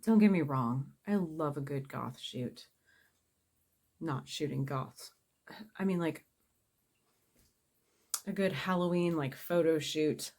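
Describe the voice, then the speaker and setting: A middle-aged woman talking through her makeup in a casual vlog, blunt and cheerfully profane. Her voice sits on the low side, and she takes her time with every phrase. She is quick to laugh at herself. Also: a little mellow. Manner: blunt, profane, self-mocking. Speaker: makeup vlogger. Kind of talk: casual makeup tutorial chat.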